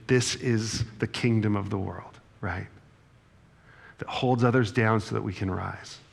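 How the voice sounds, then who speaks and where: A man's voice: mid-range voice, vocal fry, a bit bright. A middle-aged male pastor preaching a sermon in a conversational, self-deprecating storytelling manner, often checking in with the congregation. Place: church sanctuary.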